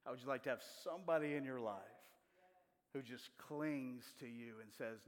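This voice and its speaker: A man's voice: mid-range voice, moderate pace. A male preacher delivering a sermon, asking the congregation questions as he goes. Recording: long reverb of a large hall.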